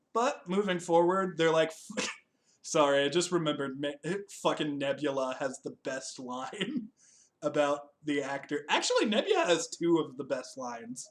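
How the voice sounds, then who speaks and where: A man's voice: a little high, sing-song, a little slow. A young man hosting a casual chat, joking, swearing freely and laughing often as he reviews a TV special. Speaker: podcast host.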